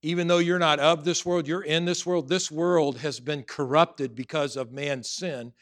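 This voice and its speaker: A middle-aged man preaches from the pulpit in a somewhat high voice. He tells his stories earnestly, stumbling and restarting as he goes. Then he presses his points home with emphatic conviction. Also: fairly even intonation, normal speed, a bit bright. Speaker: pastor. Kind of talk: sermon.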